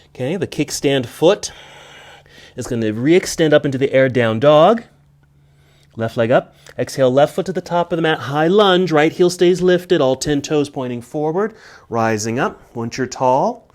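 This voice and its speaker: A middle-aged man teaching a yoga class, calmly cueing poses and breaths, slightly out of breath. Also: mid-range voice. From United States. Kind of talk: guided yoga class instruction.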